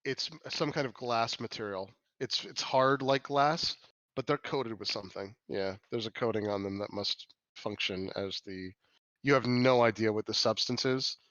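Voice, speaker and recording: A man's voice: medium pitch, a bit bright, dry recording, highs cut off. A man narrating a tabletop role-playing game as game master, often restarting and correcting himself as he describes scenes. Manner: halting, restarts and self-corrections.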